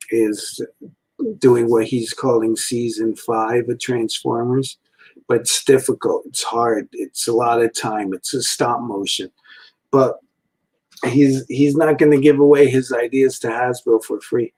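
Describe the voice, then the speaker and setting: This low-quality clip captures a man in his forties who reviews toys and cartoons, ranting in a loose, wandering way at home with lots of fillers and chuckling. He speaks slowly in a steady, mid-range voice that is a little mellow with a breathy edge.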